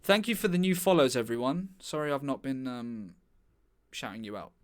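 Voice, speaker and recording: A man's voice: mid-range voice, very animated, normal speed. A man improvising a pompous, self-important acting coach on a live stream. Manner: mock-authoritative, self-important. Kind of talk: improvised comedy bit. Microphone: webcam mic on a live stream.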